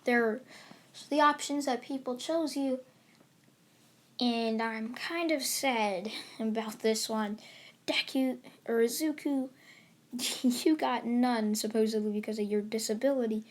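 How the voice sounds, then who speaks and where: A weary male teacher from an anime fan story, blunt and deadpan, voiced by a woman. He stumbles over words at a slow pace. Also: fairly high pitch, close to an everyday voice.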